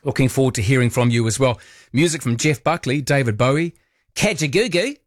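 A male radio host, chatting wryly and teasing gently as he reads out listener texts. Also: medium pitch, quick pace, dry recording, clean studio sound. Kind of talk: casual late-night radio chat.

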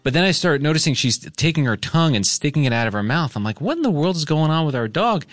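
A man's voice: fast talker, dry recording. A man hosting a morning radio show, telling a story casually and acting out the quotes in a raised voice. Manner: animated, acts out quotes in a higher voice.

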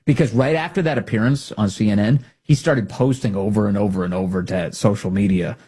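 A man's voice: a little fast, breathy edge. A man hosting a talk radio show, giving opinionated commentary and mocking others with exaggerated impressions. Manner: animated, mocking, mimics people in exaggerated high voices.

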